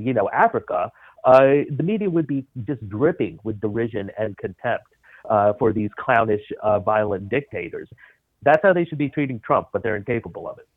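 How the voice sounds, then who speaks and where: A man's voice: mid-range voice, no room sound. A man giving political commentary as a phone-in radio guest, talking emphatically and scornfully, with many filler sounds. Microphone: phone line. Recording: tinny dry phone line.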